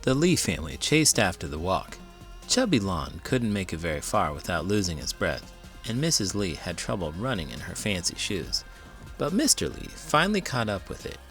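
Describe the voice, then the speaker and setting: Expressive man reading a picture book. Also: low-pitched, moderate pace, soft background music. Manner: expressive, dramatic storytelling. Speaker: teacher and children's book reader. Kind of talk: children's read-aloud narration.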